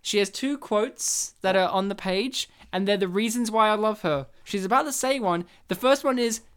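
A man's voice: high-pitched, moderate pace, a bit bright, clear, resonant tone. A man co-hosting a casual podcast chat, telling stories with animation, laughing often and mimicking characters. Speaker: podcast co-host.

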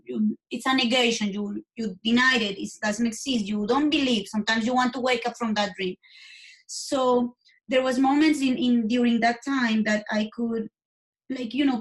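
A fairly high-voiced woman speaking English as a second language. She talks earnestly and candidly as an interview guest, halting and restarting her sentences as she goes. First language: not English.

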